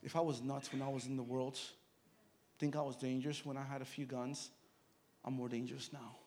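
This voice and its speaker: A middle-aged man preaching a sermon, telling stories and swinging from hushed asides to loud, emphatic bursts. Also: mid-range voice, level tone, a little fast, very noisy.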